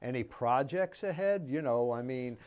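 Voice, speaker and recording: A man's voice: mid-range voice, lively intonation, moderate pace, a little mellow, highs cut off. A man hosting a casual interview show, easygoing and a little rambling, often calling his guest buddy. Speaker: show host interviewing a musician.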